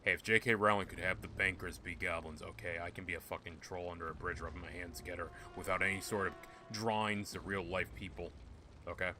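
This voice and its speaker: A man's voice: deep voice, fairly even intonation, fast, pushed and bright, soft background music. A young man giving rambling, joking, profane commentary while playing a video game. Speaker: gaming YouTuber. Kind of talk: casual gameplay commentary.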